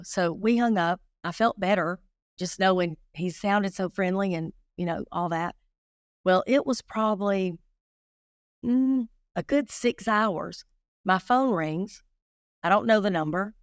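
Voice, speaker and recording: A woman's voice: on the low side, unhurried, long pauses, dry recording, studio quality. A middle-aged woman, a guest telling stories in a casual interview and speaking straight to the listeners. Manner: lively storyteller who addresses listeners directly. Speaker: guest investigator.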